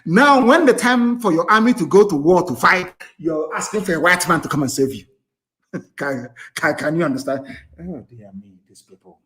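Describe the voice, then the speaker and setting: A man with a Nigerian accent delivers a live radio broadcast speech in a somewhat high-pitched voice. He is fiery and scornful. He jumps from loud bursts to low, muttered asides. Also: animated, normal speed. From southeastern Nigeria. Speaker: political activist broadcaster.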